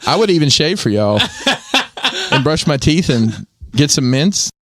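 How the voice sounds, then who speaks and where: A man co-hosting a casual podcast, telling stories and laughing loudly. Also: fairly high pitch, animated, a little slow, no echo, clean studio sound. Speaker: podcast co-host. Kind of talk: casual banter.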